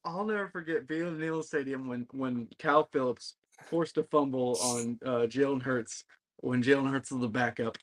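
A man co-hosting a casual sports chat, excitable and trash-talking about rival fans. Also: medium pitch, moderate pace. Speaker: podcast co-host.

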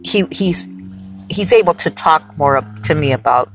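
A woman's voice: low voice, animated, normal speed, faint music behind. A woman working as a rideshare driver, telling a casual, rambling anecdote full of digressions. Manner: chatty, digressive storytelling.

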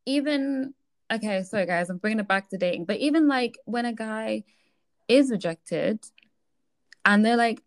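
Lively young woman chatting casually. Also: a little high, unhurried. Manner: animated, acts out quoted voices, laughs often. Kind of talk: casual chat.

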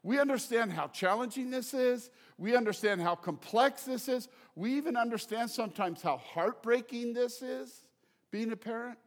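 A middle-aged male pastor preaches with a high-pitched voice, mixing jokes and repetition into a conversational sermon. His voice carries a long reverb from a large church auditorium. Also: normal speed. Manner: joking, conversational preaching with repeated phrases.

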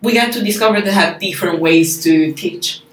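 A woman's voice: fairly low pitch, far from the mic. Chatty woman co-host, echoey room. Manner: chatty, quick to agree, laughs along. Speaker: podcast co-host. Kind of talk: casual chat.

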